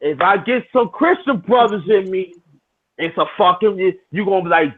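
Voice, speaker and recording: In a casual hangout, a middle-aged man recounts a rowdy, profanity-laced story full of restarts. His voice sits high with lively intonation at a moderate pace, and the audio has a tinny, phone-like lo-fi quality.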